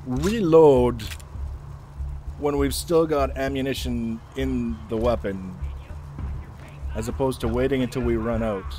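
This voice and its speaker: A man's voice: mid-range voice, normal speed, darkish tone, soft background music. A man giving casual let's-play commentary as he plays, making wry, joking asides. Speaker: gameplay commentator.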